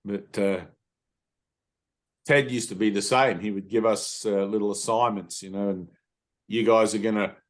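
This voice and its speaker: A man with a slightly low voice leads a satsang, telling stories from his past. His delivery is casual and lively, full of asides. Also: normal speed, pauses often. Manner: storytelling, casual and animated. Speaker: spiritual teacher. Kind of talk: satsang talk.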